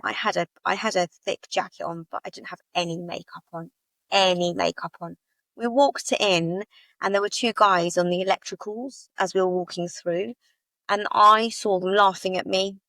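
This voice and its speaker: A woman, a podcast guest, recounting a personal experience in a halting, emotional way, often repeating her phrases. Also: steady tone, a bit bright, no room sound, low-quality recording. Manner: halting, repeats phrases, rises in pitch when retelling upsetting moments.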